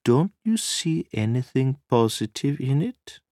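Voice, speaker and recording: A man's voice: sing-song, unhurried, no echo, studio quality. A man reading an audiobook, voicing a shaken, restless young wife in a raised, faltering voice. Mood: uneasy. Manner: raised pitch, soft and faltering.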